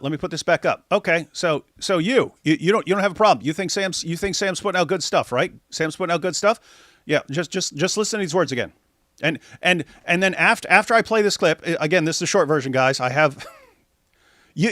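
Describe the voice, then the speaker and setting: A man with a slightly high voice hosts a livestream, commenting on clips in a sarcastic, disbelieving tone. He often stammers and restarts, and the sound is close and dry. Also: lively intonation, fairly quick, fairly bright tone, no echo. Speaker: host.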